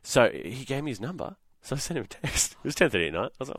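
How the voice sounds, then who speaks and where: A man's voice: medium pitch, very fast, hardly any pauses, breathy edge, no echo. An Australian man, a radio host, telling a rambling story in a casual, chatty way and filling the gaps with "blah, blah". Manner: animated, rambling retelling with "blah, blah".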